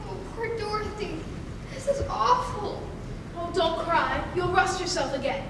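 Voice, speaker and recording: A woman plays a kindly but fretful companion who fusses over her friends, her voice very high. The sound is echoey and recorded from far off. Hiss sits in the background. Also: animated, unhurried, heavily acted. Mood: worried. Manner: fretful, fussing. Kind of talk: stage musical acting. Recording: noisy echoey hall from far off.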